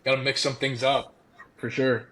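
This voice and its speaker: A young man, a former college ballplayer, telling stories as a podcast guest in a casual, animated way, laughing often and acting out quotes. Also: mid-range voice, moderate pace, a little hiss or hum. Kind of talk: casual storytelling.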